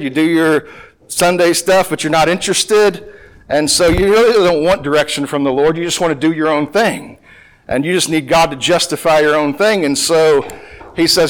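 Over poor audio, a man with a slightly high voice works through a Bible passage one verse at a time. Speaking conversationally with lots of filler, he keeps restarting sentences as he reads scripture aloud and then puts it into plain, everyday language.

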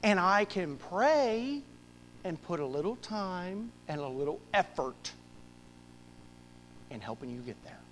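A man preaching a sermon to his church, swinging from loud bursts to hushed asides. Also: high-pitched, sing-song, takes it slowly, pauses often, big-room sound, slight background noise, low-quality recording. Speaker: pastor.

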